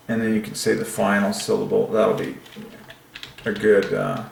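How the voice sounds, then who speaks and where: A man thinking aloud as he works through counts, musing and halting, with lots of fillers. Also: fairly low pitch, level tone, gravelly, reverberant, slight background noise. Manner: musing, halting, with frequent fillers and soft laughs. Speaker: channel host.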